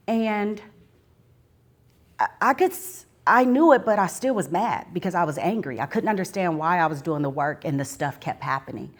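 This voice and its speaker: A woman's voice: lowish voice, animated, normal speed. A woman sharing a personal testimony live at a book signing, talking earnestly and straight to her audience, sometimes rising into fervent preaching. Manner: earnest, addresses the audience directly.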